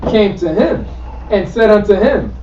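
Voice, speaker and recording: A man reading scripture aloud in a steady, measured way in a study group, recorded dull and from afar. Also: sits high, reverberant, far from the mic. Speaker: scripture reader.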